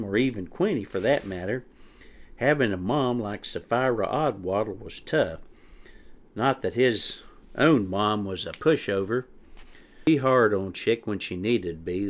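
A man reading a children's storybook aloud as narrator, unhurried and expressive. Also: on the low side.

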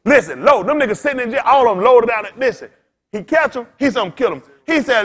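A man preaching in loose storytelling style as a pastor, blunt and cussing, laughing as he swings between loud bursts and quiet asides. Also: extremely high pitch, expressive, quick pace. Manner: blunt, street-talking, cussing. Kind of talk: storytelling sermon.

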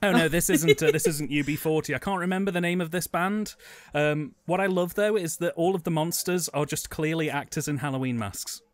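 A man co-hosting a relaxed movie commentary, trading dry jokes with his friends. His voice sits a little higher than most men's. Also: no room sound. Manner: dry, joking, quick with banter. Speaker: podcast co-host.

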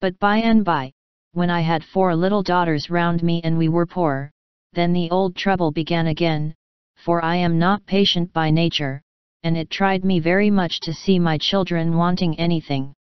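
A woman voicing a calm, tender middle-aged mother in a storybook reading, slightly dull lo-fi audio. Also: lowish voice, moderate pace, clear, resonant tone, no room sound, natural voice. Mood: reflective.

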